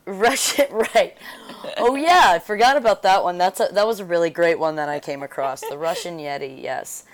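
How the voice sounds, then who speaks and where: A woman's voice: fairly low pitch, moderate pace. A young woman co-hosting a podcast, chatting casually, skeptical, laughing often and swearing casually. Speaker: podcast co-host. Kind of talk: casual chat.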